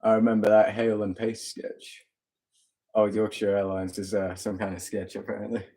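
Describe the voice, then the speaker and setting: A man with a fairly low voice chats casually on a live stream from home. He is laid-back and laughs often. Between remarks he reads out viewer comments. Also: level tone, moderate pace, mellow. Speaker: live stream co-host reading chat. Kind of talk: casual chat.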